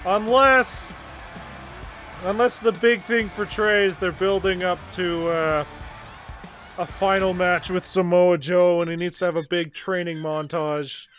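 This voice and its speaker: A young man provides laid-back commentary while streaming a wrestling video game, muttering sarcastic remarks and cursing. His high, fairly bright voice has fairly even intonation and a measured pace. Game music is audible in the background.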